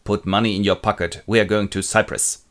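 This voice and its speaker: A man's voice: on the low side, little pitch movement, fairly quick, fairly bright tone, close to an everyday voice. A man voicing a bitter, scheming officer in a comic retelling. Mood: sly. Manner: sly, scheming.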